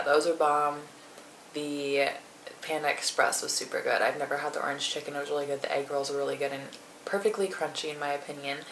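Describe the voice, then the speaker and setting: A woman's voice: low-pitched, fairly bright tone. A woman vlogger chatting casually while eating on camera, rambling with lots of fillers, in a room at home. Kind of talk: casual mukbang chat. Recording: roomy echo, faint noise.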